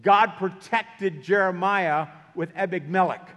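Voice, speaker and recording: A man's voice: sits high, fairly even intonation, a little slow, fairly bright tone. A man preaching a sermon, telling stories and changing his pace for emphasis. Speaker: pastor. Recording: long hall reverb.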